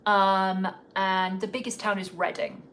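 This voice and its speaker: A woman's voice: medium pitch, level tone, a little slow, fairly bright tone, a little hiss or hum. A woman from England with a slightly Americanized English accent, chatting casually and rambling on a podcast livestream. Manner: chatty, self-deprecating, rambling. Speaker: podcast host. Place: home in Los Angeles.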